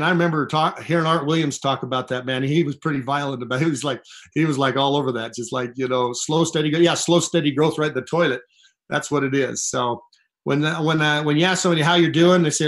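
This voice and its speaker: Male network-marketing leader, slightly higher pitch, emphatic and repetitive, conference-call pep talk. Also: fast talker, fairly bright tone. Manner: emphatic, repetitive, salesy motivational delivery. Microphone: phone call.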